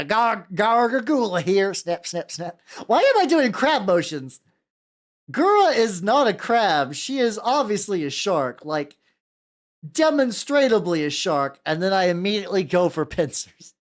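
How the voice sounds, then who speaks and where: Rambling young American man painting miniatures. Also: sits high. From United States. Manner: rambling, stammers and repeats words, laughs often, jumps between topics. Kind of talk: casual rambling chat while painting.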